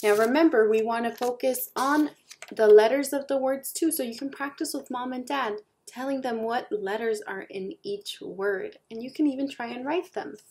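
A woman teacher giving a children's lesson, speaking slowly and encouragingly and splitting words into syllables for young learners to repeat. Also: fairly high pitch, darkish tone.

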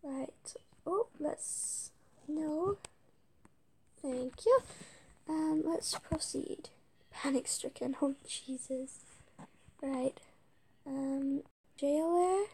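A woman playing a video game, reading its text aloud haltingly and muttering whispered asides between stumbles. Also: sits high, warm tone, slight background noise. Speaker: let's-play gamer.

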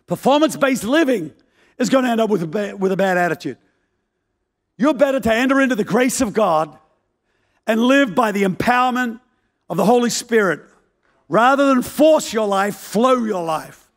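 Older guy pastor, really high voice, telling a funny story in a sermon, all animated. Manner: animated storytelling, comic and fast.

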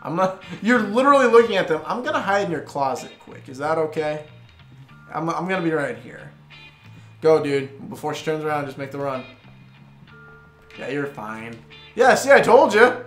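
A man's voice: a little high, lively intonation, normal speed, pauses often, fairly bright tone, roomy sound, faint music behind. A man casually joking and rambling while commenting on a game he plays. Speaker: let's play commentator. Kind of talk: casual gaming chat.

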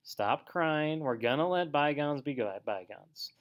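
A man playing a stern old storybook badger with a thin, dry voice. He speaks with severity and authority, his pitch still moving a lot. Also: animated, measured pace.

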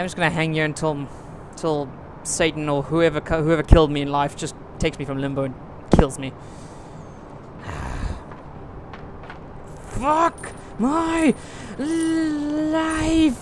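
A man's voice: a little high, little pitch movement, fairly quick, hardly any pauses, noisy background. Exasperated young man swearing at a game. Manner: exasperated, swears and shouts often. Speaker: gaming video host.

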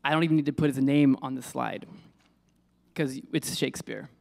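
A man's voice: mid-range voice, normal speed, gravelly, darkish tone. A man giving an informal lecture on poetry, musing aloud with restarts and questions to his audience in a lecture room. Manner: casual, musing, many restarts and asides to the audience.

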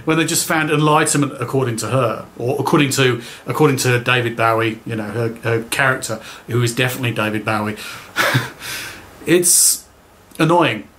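A man's voice: medium pitch, moderate pace, sharp tone, faint music behind. A man giving sarcastic, dismissive commentary. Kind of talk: critical commentary.

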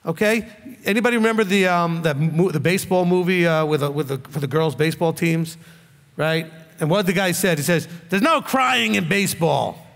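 A man's voice: fairly high pitch, a little fast. A male rabbi preaching a blunt, scolding sermon full of rhetorical questions. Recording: long hall reverb.

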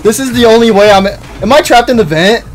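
A young man hosting a horror game let's-play, rambling and jittery, who bursts into high-pitched panicked yelling. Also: brisk, soft background music. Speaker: gaming channel host.

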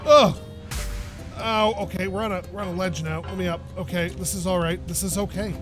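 A man commentating a goat video game as he plays, excitable and jokey, yelping and rambling to himself. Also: high voice, fairly quick, music in the background. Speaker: gaming YouTuber. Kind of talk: let's play commentary.

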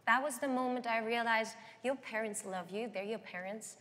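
A young woman sharing her personal story with earnest, heartfelt warmth, her voice high and bright. She is a guest singer being interviewed, and her words carry a long reverb from a large hall. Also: normal speed. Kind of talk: interview testimony.

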